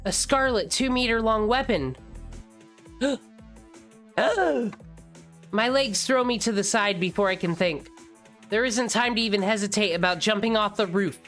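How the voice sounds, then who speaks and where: A woman reading a visual novel aloud in the first person, expressive and dramatic, with jokey asides. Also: mid-range voice, moderate pace, soft background music.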